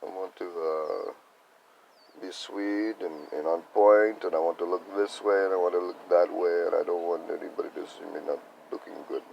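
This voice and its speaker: Tired, stuffy young man, deep and croaky, musing hesitantly to camera over faint hiss. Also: flat delivery, normal speed, dull audio. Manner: soft-spoken, wandering, hesitant. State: congested and tired. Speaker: vlogger sharing spiritual reflections. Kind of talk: rambling personal video diary.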